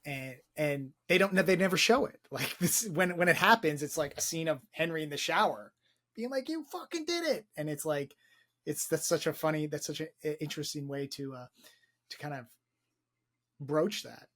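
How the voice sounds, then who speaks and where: An excited young man co-hosting a casual film podcast, his voice sitting a little higher than most. He rambles, stumbles over repeated words and drops casual swears as he gets carried away. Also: moderate pace. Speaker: podcast co-host.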